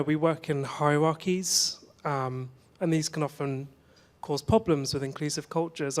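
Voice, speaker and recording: A man in the audience losing his voice, asking the panel a polite, careful question. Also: on the high side.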